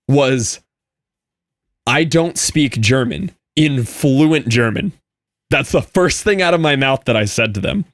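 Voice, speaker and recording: A man's voice: on the high side, dry recording. Laughing young man telling a story, dry mic. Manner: animated storytelling, laughing often, quick asides. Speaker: Minecraft streamer. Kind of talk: casual live-stream chat with viewers.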